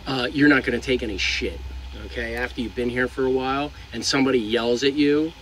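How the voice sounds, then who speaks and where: Young male truck driver, casual rambling vlog delivery, mid pitch, faint vehicle hum behind. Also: fairly quick, fairly bright tone, rough recording. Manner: rambling, frank, swears casually. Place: inside a truck cab.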